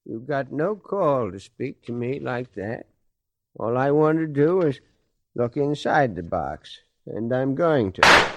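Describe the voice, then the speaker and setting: A man's voice: mid-range voice, expressive, slow pace, fairly bright tone, dry recording. An actor playing a detective disguised as a senile old man, speaking in a quavering, folksy voice in a radio drama. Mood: stubborn. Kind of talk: 1940s radio acting.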